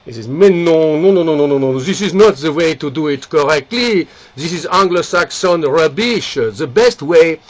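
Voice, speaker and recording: Brief: man doing a smug French charmer, heavy put-on French accent, broken English, swoops up and down, breathy tone. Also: fairly high pitch, lo-fi sound. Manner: broken English, theatrical and seductive. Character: smooth amorous Frenchman, boastful and theatrical.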